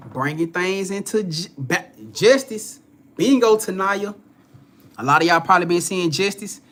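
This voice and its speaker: High-voiced and animated, a young man speaks at normal speed with a fairly bright tone as he hosts a spiritual reading live stream. The talk is easygoing chat in slang, with viewers greeted by name and frequent curses and laughs.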